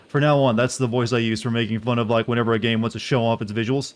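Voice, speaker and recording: A man's voice: medium pitch, fairly even intonation, quick pace, hardly any pauses. A young man giving casual, joking game-stream commentary, rambling to his viewers.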